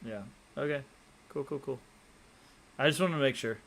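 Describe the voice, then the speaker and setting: A man's voice: mid-range voice, moderate pace, fairly bright tone. A man co-hosting a casual chat show, laid-back and rambling with many fillers. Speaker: podcast co-host.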